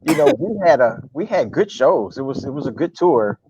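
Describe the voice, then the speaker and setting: A man's voice: mid-range voice, moderate pace, muffled recording, a little hiss or hum. A man, a comedian guest, telling a funny road story in casual chat and acting out the people in it. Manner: animated, mimics voices and groans.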